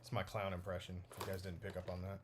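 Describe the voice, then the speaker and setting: A young man giving casual, rambling unboxing commentary, excitable and full of filler words. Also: sits low, fast, noisy background. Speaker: toy unboxing vlogger.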